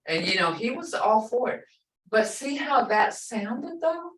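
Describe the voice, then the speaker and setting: A woman language teacher explains slowly, going over each example word again and again. She sits some distance from her mic, so the voice sounds roomy and a little far off. She is patient and clear. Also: medium pitch, lively intonation, fairly bright tone. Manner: slow, patient explaining with repeated example words. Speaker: language instructor. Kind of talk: online language lesson.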